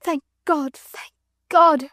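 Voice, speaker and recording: A woman reading an audiobook voices a young wife calling out hysterically in high, strained cries. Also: steady tone, extremely slow, fairly bright tone, dry recording, studio quality, heavily acted. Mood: frantic. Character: young wife, desperate then overjoyed.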